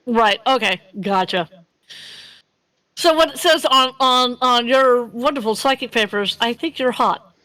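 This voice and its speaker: A woman's voice: on the high side, a little slow, bright, forceful tone, dry recording, poor audio. A woman running a tabletop game as game master on a live stream, rambling and giggly, correcting herself as she goes. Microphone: streaming microphone.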